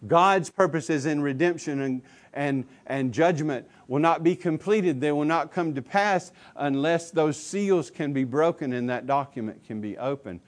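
A male pastor preaching a sermon, swinging between loud emphatic declarations and low quiet asides.

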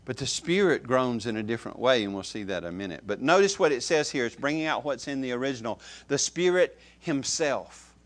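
A man preaching a sermon, who stresses key words loudly, then drops to soft, low asides and repeats phrases to his listeners. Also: animated, fast, few pauses. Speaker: pastor.

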